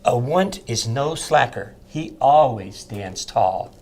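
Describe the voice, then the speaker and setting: A man playing a train engineer on a children's TV show, speaking gently and kindly to the kids. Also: mid-range voice, animated, takes it slowly. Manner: gentle, friendly, simple words for kids.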